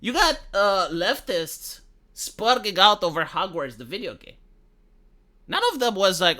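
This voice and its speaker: A sarcastic man rants through his commentary in a high, lively voice that rises and falls a lot. His tone is bright and sharp, and his language is crude. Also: a little slow. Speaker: commentary vlogger. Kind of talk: opinion commentary rant.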